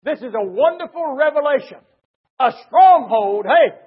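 A man preaching a sermon, telling a story emphatically and swinging from shouts to hushed tones. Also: extremely high pitch, very animated, unhurried, slightly rough. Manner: storytelling with repeated "said". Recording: dull lo-fi recording.

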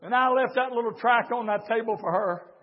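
Man, revival preacher, very high voice, shouted rhythmic preaching, muffled recording. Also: a little fast. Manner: swings from soft, low talk to shouted, rhythmic preaching. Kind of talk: fiery revival sermon. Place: church service. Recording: dull recording with faint congregation. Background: faint congregation.

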